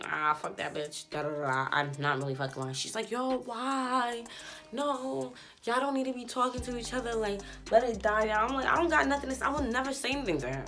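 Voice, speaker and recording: A woman's voice: medium pitch, fairly bright tone. A woman vlogger and stylist telling a casual storytime rant, blunt and profane, acting out both sides of an argument. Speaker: YouTube host and stylist.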